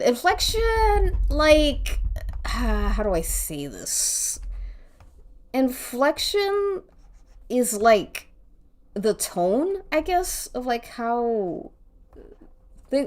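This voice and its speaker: A woman's voice: fairly high pitch, big pitch swings, slow pace, long pauses. A woman streaming while she draws, chatting casually, rambling and thinking aloud, with casual swearing. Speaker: art streamer.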